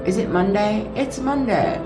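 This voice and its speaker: A young woman streaming a game, chatting casually and giggling as she thinks out loud. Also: mid-range voice, normal speed. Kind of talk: casual gameplay commentary. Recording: roomy echo with clear game music.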